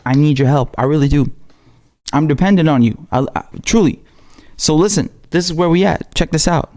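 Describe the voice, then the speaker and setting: A man hosts a relaxed political livestream with a mellow, warm tone. He talks off the cuff to his viewers, repeating himself and dropping slangy asides. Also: mid-range voice. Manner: loose and chatty, with slangy asides and self-repetition. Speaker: political commentary livestream host. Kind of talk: casual livestream chat.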